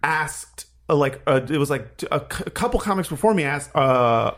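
A man's voice: a little high, animated, moderate pace, hardly any pauses. A male comedian chatting casually and rambling, with lots of hesitations. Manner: rambling, hesitant, full of fillers. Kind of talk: casual chat. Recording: echoey room, loud music behind.

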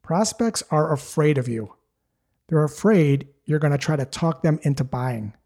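A man's voice: fairly high pitch, expressive, normal speed, a little mellow. A man giving a scripted, direct instructional talk as a sales coach, explaining things steadily.

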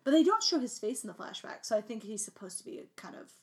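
A young woman co-hosting a casual movie recap podcast, animated and laughing, mimicking lines in exaggerated voices. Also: on the high side, fast. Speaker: podcast co-host.

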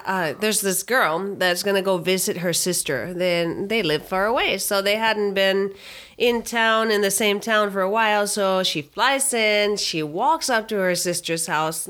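A woman co-hosts a relationship podcast at a middling pitch. She talks in a giggly, hesitant way, often asking questions. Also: measured pace, a bit bright. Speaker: podcast co-host. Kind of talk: casual relationship podcast chat.

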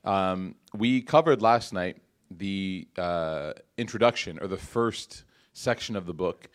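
A man's voice: low-pitched, slow. A man giving a casual religious lecture to a live audience in a mosque hall, talking conversationally with many fillers and restarts. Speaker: Islamic lecturer.

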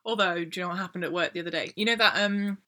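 A woman's voice: fairly low pitch, rapid-fire, bright, forceful tone. A woman in her twenties with an East Midlands English accent, co-hosting a casual chat podcast. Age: 20s. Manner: chatty, questioning, laughs easily. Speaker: podcast co-host.

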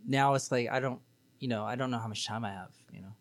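A man's voice: mid-range voice, fast talker. A man, a podcast guest, telling his own story in a candid, sarcastic, rambling way with many fillers. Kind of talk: casual storytelling.

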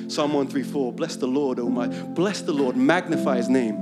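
A man preaching a sermon, reading psalms aloud in an earnest way and building to a loud, fervent chant. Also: mid-range voice, normal speed, few pauses, music in the background.

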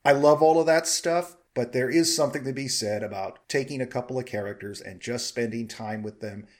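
A man co-hosting a film review podcast, talking in a measured, thoughtful way with frequent restarts. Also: medium pitch. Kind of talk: casual film review chat.

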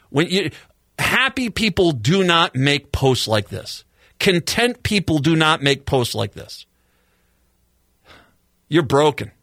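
A man's voice: fairly high pitch, bright, forceful tone, no echo. A middle-aged male radio talk show host giving a sarcastic, exasperated political commentary monologue into a studio microphone.

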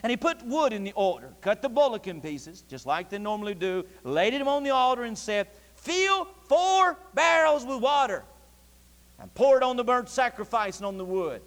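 A male preacher delivering a sermon in a folksy, animated storytelling manner with Southern dialect. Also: sits high, fairly quick, few pauses. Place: church sanctuary. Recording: long church reverb.

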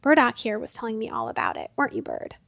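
A woman's voice: fairly high pitch, wildly swooping pitch, quick pace, vocal fry, fairly bright tone, no room sound, studio quality, heavily acted. A woman voicing a big, blunt male monster who stomps and plots revenge. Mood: vengeful.

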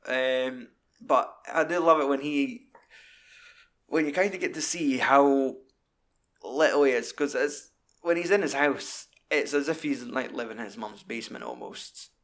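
A man in casual, sweary film chat, acting out scenes in high put-on voices. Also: measured pace, a bit bright.

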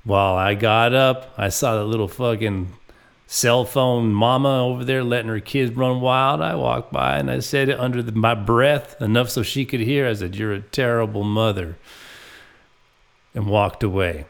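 A man's voice: medium pitch, moderate pace, gravelly, smooth. A man hosting his own comedy show, telling rambling, profane stories about his past. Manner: profane, rambling storytelling with acted quotes. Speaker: comedic podcast host. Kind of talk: crude comic monologue.

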